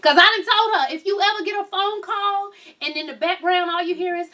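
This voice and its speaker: A woman vlog host telling a story in casual chat, loud, laughing and cussing as she goes. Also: extremely high pitch, fairly quick, few pauses, distant mic.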